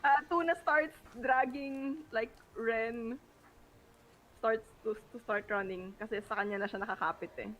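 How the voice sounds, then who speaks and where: A woman with a Filipino accent playing a tabletop game, excitable and quick to laugh. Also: a little high, slight background noise, low-quality recording. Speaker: player.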